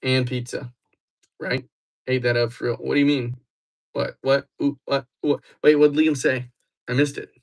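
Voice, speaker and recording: A man talking loosely to his livestream audience in a teasing, playful way. He jumps into excited bursts as he reacts to viewers, then settles back into easy banter. His pitch sits right in the ordinary middle for a man. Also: normal speed, vocal fry. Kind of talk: casual livestream chat with viewers.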